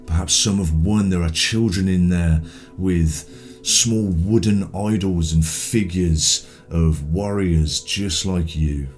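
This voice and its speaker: A man narrating as game master, his voice extremely deep and his delivery very slow. He paints each scene in a measured, descriptive way. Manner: measured, scene-setting with fillers.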